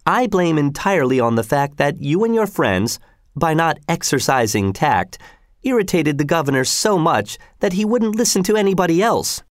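A man's voice: fairly high pitch, no room sound, clean studio sound, voice pushed up. A man reading aloud, voicing a pompous townsman who lectures others about tact in a condescending way. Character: pompous, smug middle-aged Swiss townsman.

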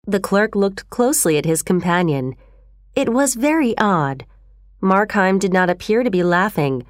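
Expressive woman reading a story aloud. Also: mid-range voice, moderate pace, no room sound, studio quality. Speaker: narrator.

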